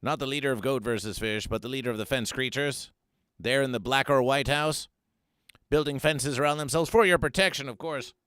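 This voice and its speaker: A man hosting a comic mock-news stream, reading and riffing in a theatrical way that swings from hushed asides to loud outbursts. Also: mid-range voice, fairly quick, clear, resonant tone, no room sound. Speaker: host.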